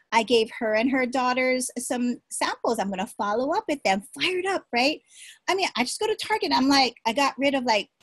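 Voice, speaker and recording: A woman giving an energetic, encouraging motivational talk as a sales team leader, repeating her points, recorded at her desk. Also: on the high side, no room sound. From Hawaii.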